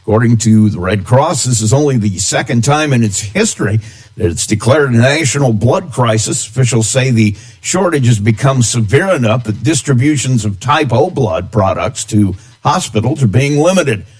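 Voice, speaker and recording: A man reads a local radio news bulletin. His pitch sits in a middling range, and he keeps a steady, even newsreader delivery from item to item. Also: moderate pace.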